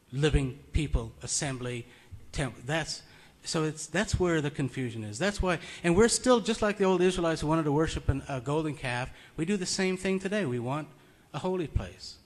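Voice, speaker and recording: A man's voice: fairly high pitch, animated, moderate pace. A man giving an informal, conversational sermon in a meeting room. He tells stories and chuckles often. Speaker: preacher.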